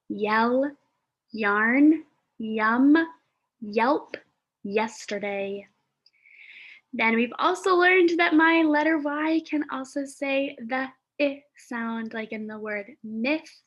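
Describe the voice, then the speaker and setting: A woman's voice: high voice, a bit bright, highs cut off. A woman teaching a phonics lesson to young children, sounding out letters and words with careful enunciation and thinking aloud as she goes. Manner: thinks aloud with pauses and fillers.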